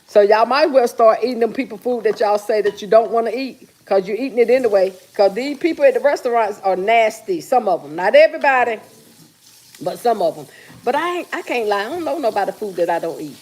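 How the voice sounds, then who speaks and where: A woman's voice: fairly high pitch, lively intonation, fairly quick, darkish tone. Chatty woman host reading viewer comments. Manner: chatty, teasing, reads viewer comments aloud. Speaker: livestream host. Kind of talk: casual chat with live viewers. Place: home kitchen while cooking.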